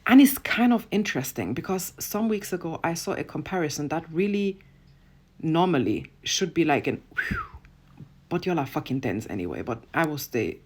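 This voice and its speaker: A woman's voice: sits low, big pitch swings, moderate pace, husky. A woman online commentator delivering a blunt, profane, emphatic rant straight to camera.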